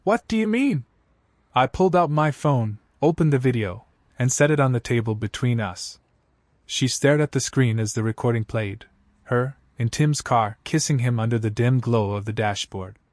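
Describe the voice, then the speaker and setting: A man telling a dramatic first-person story in steady, scripted narration. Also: mid-range voice, normal speed, no room sound, studio quality.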